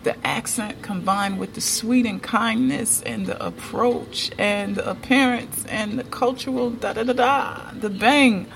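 A woman's voice: fairly high pitch, expressive, a little slow, creaky, few pauses, a bit bright, a little hiss or hum. A woman talking casually to her viewers in a vlog, chatty and emphatic, often checking in with "okay?". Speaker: vlogger.

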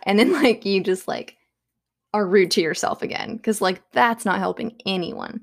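A young woman talks at home in a loose, chatty self-help monologue. Her pitch sits in an ordinary middle range. She leans on fillers and lets soft little laughs slip between her thoughts. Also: moderate pace, creaky. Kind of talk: casual monologue.

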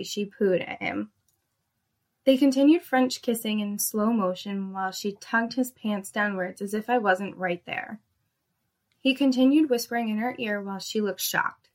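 Young woman reading a spicy story, dry fed-up tone, mid pitch. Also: a little slow.

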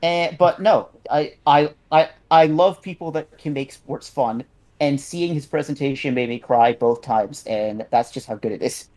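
A man's voice: medium pitch, a little slow, a little mellow. Earnest rambling man on a podcast. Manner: rambling, earnest, frequent restarts. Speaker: podcast co-host. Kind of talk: casual chat.

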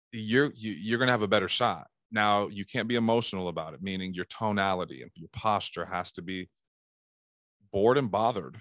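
A sales trainer with a lowish, fairly bright voice gives casual coaching, speaking animatedly and acting out phone calls in bursts. The recording is dry and studio quality.

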